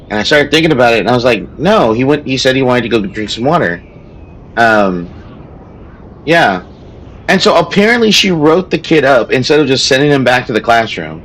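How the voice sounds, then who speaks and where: A man's voice: medium pitch, lively intonation, normal speed, a bit bright, low-quality recording. Rambling man chatting while gaming. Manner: rambling storytelling with frequent restarts. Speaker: gameplay streamer and teacher. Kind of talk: casual chat while playing a strategy game.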